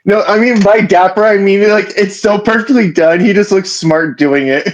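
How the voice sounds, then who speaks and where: A man's voice: high-pitched, normal speed, a little hiss or hum, low-quality recording. A man playing a tabletop game, chatting casually and rambling as he searches for words. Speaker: player.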